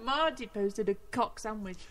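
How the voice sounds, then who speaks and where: A woman's voice: mid-range voice, animated, normal speed, a crowd in the background. A woman co-hosting an internet radio show on a headset, chatting and giggling through banter. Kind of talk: casual radio chat.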